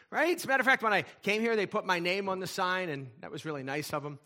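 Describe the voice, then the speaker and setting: A man's voice: sits high, expressive, quick pace, hardly any pauses, sharp tone. A man preaching a sermon as lead pastor of a church, emphatic, repeating key lines and asking rhetorical questions.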